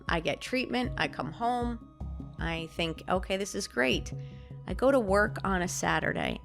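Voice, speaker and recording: Animated woman telling her story. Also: lowish voice, vocal fry. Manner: animated, acts out quoted dialogue. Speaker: podcast guest. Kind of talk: personal storytelling in an interview.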